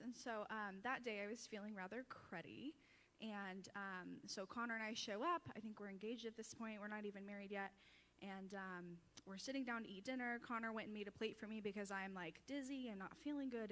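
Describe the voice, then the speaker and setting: A woman's voice: mid-range voice, fairly bright tone, big-room sound. A young woman giving a chatty, self-deprecating farewell tribute at a church service, often breaking into laughter. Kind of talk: casual storytelling speech.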